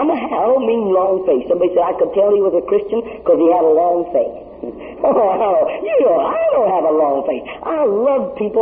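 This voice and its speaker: A man's voice: fairly high pitch, a little hiss or hum. A man preaching an impassioned sermon in a large hall, repeating phrases in a rolling cadence and chuckling between lines. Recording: tinny lo-fi echoey hall recording.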